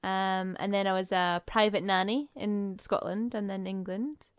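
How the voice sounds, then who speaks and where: A woman chats casually on a podcast, briskly listing things off. Her voice is smooth and clear at a middle pitch, recorded dry. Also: steady tone, no room sound. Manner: chatty, listing things briefly. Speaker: podcast co-host. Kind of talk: casual chat.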